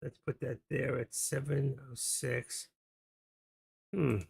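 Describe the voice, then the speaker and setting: A man's voice: medium pitch, fairly even intonation, takes it slowly, gravelly, a little mellow, breathy edge. A man hosting a trading live stream, rambling casually and muttering his thoughts aloud as he goes.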